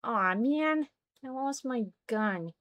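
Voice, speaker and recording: A woman's voice: a little high, animated, takes it slowly, muffled recording. A woman streaming a game, chatting casually and exclaiming as she plays. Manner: chatty, exclaims and reacts aloud. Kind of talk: casual let's-play chat.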